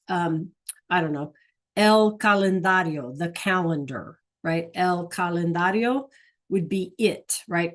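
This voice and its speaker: Friendly middle-aged teacher, woman, online class, keeps checking in with students. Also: on the low side. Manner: chatty, encouraging, frequent "right?" checks. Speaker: Spanish teacher. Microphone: video call.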